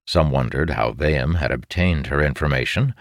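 A man narrating a fantasy audiobook in a steady, expressive way. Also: extremely low pitch, normal speed, dry recording, clean studio sound.

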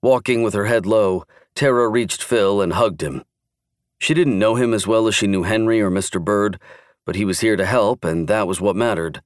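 A man narrating a thriller audiobook in a steady, even storytelling manner. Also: fairly low pitch, normal speed, no room sound, clean studio sound. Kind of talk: scripted narration.

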